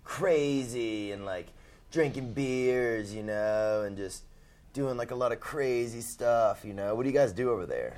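A man's voice: medium pitch, animated, measured pace, a little mellow. A man with a Southern American accent hosting a casual comedic interview, asking goofy, playful questions and laughing often. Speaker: comedian host.

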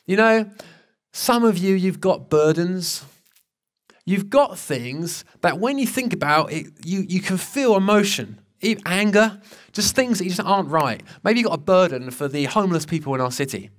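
A man's voice: high-pitched, lively intonation, moderate pace. A man in his thirties preaching a sermon, telling a personal story in an earnest, conversational way with frequent restarts. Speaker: pastor.

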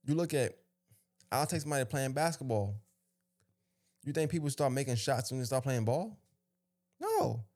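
A man's voice: medium pitch, normal speed, pauses often, darkish tone. A male podcast host speaks in a mid-range voice, talking off the cuff in a motivational monologue. He drives his points home by repeating them, restarts sentences often and slips into heated, emphatic asides. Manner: emphatic, repetitive, rambling with restarts.

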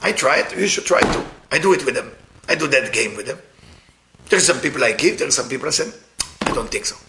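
A man giving an informal sermon in non-native English, emphatic, swinging from loud bursts to hushed asides. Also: mid-range voice, expressive, fast talker, gravelly, noisy background.

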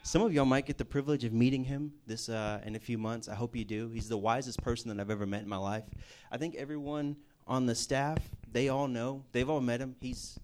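A man's voice: medium pitch, steady tone, fairly quick, few pauses, a little mellow, a little hiss or hum. A man preaching a personal testimony, telling it as a casual story with jokey asides. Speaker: campus ministry speaker.

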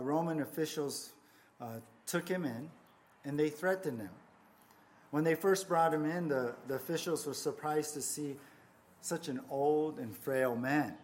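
Slow, earnest male preacher. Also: a little high. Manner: earnest, repetitive preaching with swells and soft endings; frequent restarts and stammered repeats. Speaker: pastor. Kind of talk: sermon.

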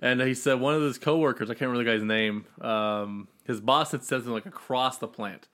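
A man co-hosting a podcast, telling relaxed stories and laughing often in casual banter. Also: medium pitch, a little fast. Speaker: podcast co-host.

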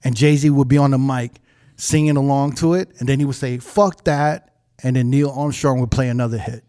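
A man who works as a club DJ, chatting casually on a podcast and telling animated stories full of his own hype catchphrases. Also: mid-range voice, brisk, smooth.

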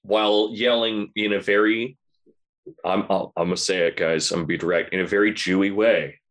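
Deep-voiced sardonic podcast man. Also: fairly quick. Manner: sardonic, animated, deadpan jokes. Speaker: podcast cohost. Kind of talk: casual podcast chat.

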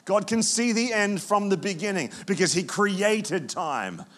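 Male pastor, fairly high voice, lively sermon with anecdotes. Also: a little slow. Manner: animated storytelling with frequent restarts.

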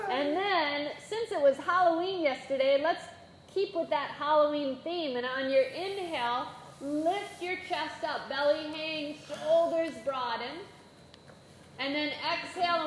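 A woman teaching a playful yoga class for children, giving gentle, encouraging instructions. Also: high voice. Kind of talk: guided kids' yoga class. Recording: echoey room with faint background noise.

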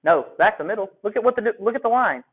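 A man's voice: high-pitched, animated, quick pace, breathy edge. A male teacher giving a classroom lecture, talking conversationally and asking his students questions. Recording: phone-like lo-fi audio.

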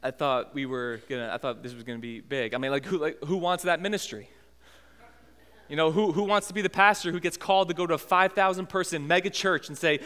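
A man in his thirties preaching a sermon as pastor, conversational and animated as he tells the story. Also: fairly high pitch, fairly quick, smooth, in a large hall.

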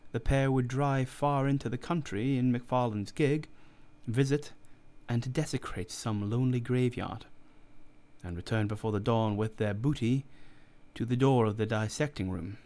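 A man narrating a classic story in a measured, formal storytelling manner. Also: mid-range voice, darkish tone. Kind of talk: audiobook narration.

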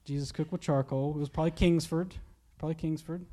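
A man's voice: a little high, fairly even intonation, fast talker, mellow. A young man with a Kentucky accent preaching a casual sermon, joking and laughing as he retells a story. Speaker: pastor.

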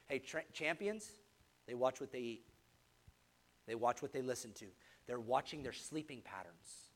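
A man's voice: a little high, normal speed. Fired-up preacher man. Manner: energetic, exhorting, call-and-response asides. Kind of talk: sermon.

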